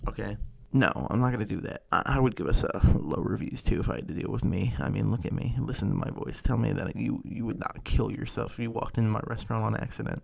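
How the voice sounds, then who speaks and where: A man's voice: mid-range voice, fairly even intonation, quick pace, vocal fry, dry recording. A young man telling a sarcastic, profane comedy story about customers at his food service job.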